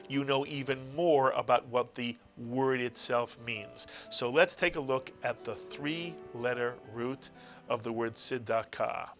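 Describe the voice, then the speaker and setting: A man's voice: medium pitch, a bit bright. A middle-aged man teaching a language lesson, explaining patiently and repeating key words. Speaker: Hebrew teacher. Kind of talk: classroom-style language lesson.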